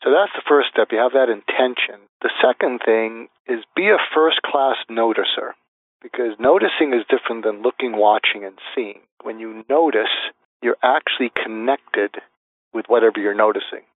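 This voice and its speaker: A man's voice: mid-range voice, normal speed, dry recording. Man explaining steps over a phone line. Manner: methodical, lists numbered steps, acts out example phrases. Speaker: guest expert. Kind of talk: interview answers, explaining step by step. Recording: tinny phone-like line, dry.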